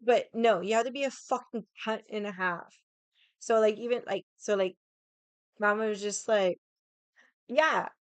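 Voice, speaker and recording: A woman's voice: medium pitch, a little slow, long pauses, smooth, no echo. A young adult woman streamer chatting casually with her viewers, rambling and swearing often. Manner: rambling, swears a lot, many likes.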